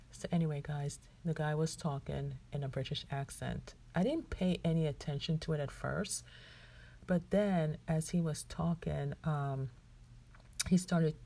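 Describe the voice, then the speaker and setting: A woman's voice: on the low side, darkish tone. A woman from the Caribbean islands hosting her own podcast, telling a story in a chatty, rambling way with many ums and asides to her listeners. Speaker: podcast host. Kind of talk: casual solo podcast storytelling.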